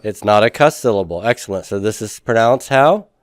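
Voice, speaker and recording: A man's voice: on the low side, lively intonation, a little fast, no echo. A man teaching a recorded review lesson, patiently asking questions and answering them himself.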